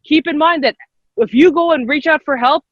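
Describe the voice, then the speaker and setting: A high-voiced young woman teaches a live online class for girls, upbeat and encouraging and quick to laugh. Her voice is dry and close, with the dull, muffled edge of a video call. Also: dry recording. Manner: upbeat and encouraging, repeats herself, laughs often. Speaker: workshop leader. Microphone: computer mic on a video call.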